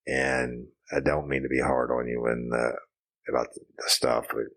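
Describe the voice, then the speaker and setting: Man in his fifties, podcast co-host; very low gravelly voice, rambling jokey delivery. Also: level tone, moderate pace, a bit bright. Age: 50s. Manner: joking, rambling, with profanity. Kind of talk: casual chat.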